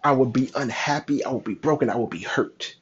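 A young man talking in a raw, halting, emotional confessional monologue, cursing often. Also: mid-range voice, slightly rough. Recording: dull lo-fi sound.

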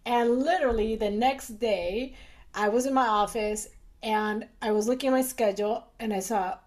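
A chatty middle-aged woman with a fairly high voice talks freely in a casual conversation. Her speech is animated and full of fillers. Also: normal speed. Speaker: urologist, guest.

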